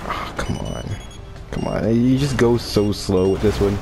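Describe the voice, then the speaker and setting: A man's voice: on the low side, a little slow, music in the background. A man giving gameplay commentary on his own video, often groaning in exasperation at his friend. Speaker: gaming video creator.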